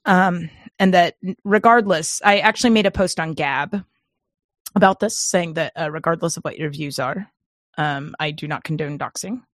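Rambling, animated woman storyteller. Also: low voice, normal speed, dry recording, clean studio sound. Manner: rambling, animated, laughing often. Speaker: podcast co-host. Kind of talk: casual storytelling chat.

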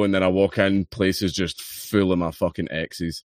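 A Scottish man in his thirties, appearing as a podcast guest, talks fast in a deep, steady voice. He chats casually and tells stories peppered with swearing.

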